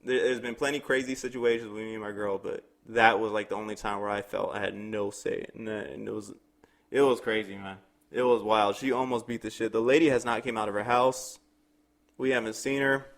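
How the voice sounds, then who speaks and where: A young man with a fairly low, slightly fast voice co-hosts a podcast, telling a long story in casual chat. He's an animated storyteller who acts out the people in it and swears freely.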